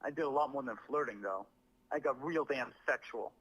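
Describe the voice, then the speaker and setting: A man with a bright, forward voice reads a prepared apology word for word. He leans on certain words with stiff, rehearsed emphasis, like a script being performed. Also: medium pitch, breathy edge, rough recording. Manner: deliberate, stresses words as if acting. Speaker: comedian making an apology video.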